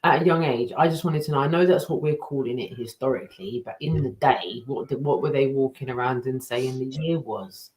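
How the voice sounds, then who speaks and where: A woman's voice: a bass voice, a little fast, hardly any pauses, a little mellow. A woman co-hosting a podcast in casual chat, earnest and questioning. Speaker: podcast co-host. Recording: roomy echo.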